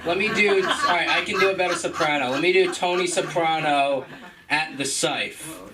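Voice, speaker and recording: A man's voice: on the high side, normal speed, crowd noise. A man doing stand-up at an open mic, casual and rambling, laughing at his own jokes. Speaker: stand-up comedian. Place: comedy club stage. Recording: distant mic, background noise.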